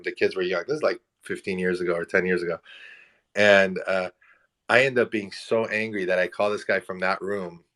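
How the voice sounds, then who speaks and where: A man in his forties, an animated, self-mocking storyteller who laughs often in a casual online audio chat. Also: low voice.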